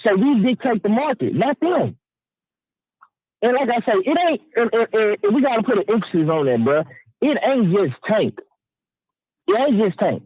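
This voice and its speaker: A man's voice: high-pitched, lively intonation, brisk, husky, no room sound. A man calling in to a sports talk show, giving a heated, profane opinion rant. He stammers through restarts and keeps checking in with the listener. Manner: emphatic, profane, stammering restarts, keeps asking "you know what I'm saying". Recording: dry tinny phone line.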